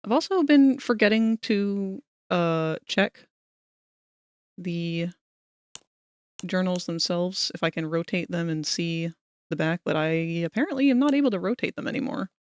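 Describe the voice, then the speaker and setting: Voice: mid-range voice, a little slow, smooth. A streamer giving casual live commentary while playing, swearing now and then and picking apart game bugs in technical terms.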